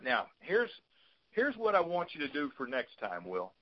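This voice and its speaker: A man's voice: a little high, huge pitch swings, normal speed, highs cut off. A man coaching a client on a call, giving frank, fatherly advice and often repeating words as he talks. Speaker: business consultant.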